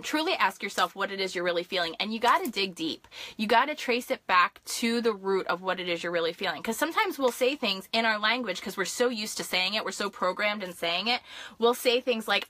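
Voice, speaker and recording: A young woman coach on a live stream, excited and fast-talking, with lots of fillers and quick asides to her viewers. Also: mid-range voice, dry recording. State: hyped up. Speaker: life and business coach.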